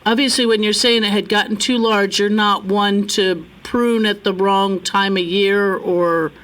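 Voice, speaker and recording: A woman's voice: mid-range voice, steady tone, unhurried, a bit bright. A woman hosting a gardening radio show in a studio, talking in a chatty, rambling way with many restarts and fillers. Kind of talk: casual radio chat.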